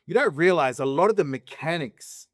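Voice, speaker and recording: A man's voice: fairly high pitch, expressive, normal speed, dry recording, studio quality. A man talking straight to camera in a casual opinion monologue, emphatic, asking rhetorical questions and restarting his sentences. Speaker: vlogger.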